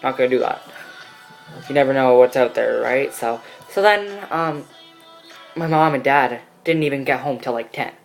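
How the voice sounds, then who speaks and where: A man's voice: medium pitch, fairly even intonation, moderate pace, gravelly, long pauses, faint music behind, poor audio. A teenage boy telling a personal story in a casual vlog, rambling with many fillers. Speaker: vlogger.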